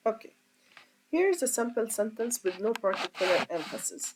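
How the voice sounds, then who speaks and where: A woman's voice: on the high side, sing-song, background noise. A woman teaching a grammar lesson as an English teacher, explaining step by step and asking her class rhetorical questions. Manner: slow, deliberate, asks rhetorical questions.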